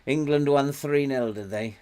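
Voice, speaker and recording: This older Welsh streamer is unhurried and mellow, with a clean tone at a middle pitch. Playing a football management game, he chats casually, alternately coaxing and scolding his virtual players, and frequently breaks into chuckles.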